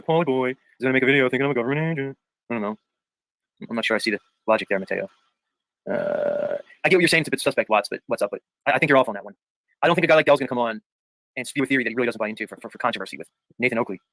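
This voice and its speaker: A man's voice: medium pitch, racing, a bit bright, no room sound, poor audio. A man hosting a livestream panel talks at a breakneck clip in a dry, close sound. He argues emphatically, keeps circling back to the same point, and drops "dude" and "bro" into nearly every thought as he reads viewer comments aloud. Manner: argumentative, repeats points for emphasis.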